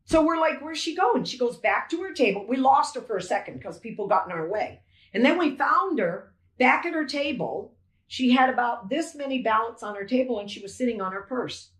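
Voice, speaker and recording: A woman's voice: fairly high pitch, lively intonation, brisk, echoey room. An older woman giving emotional testimony as a poll challenger, telling her story with animation and acting out exchanges.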